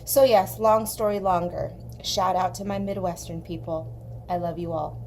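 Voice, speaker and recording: A young woman from southern California, hosting an art channel, telling a long story in a chatty, animated way while she colors. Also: lowish voice, moderate pace, creaky, a little hiss or hum. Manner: chatty, animated, acts out quoted voices.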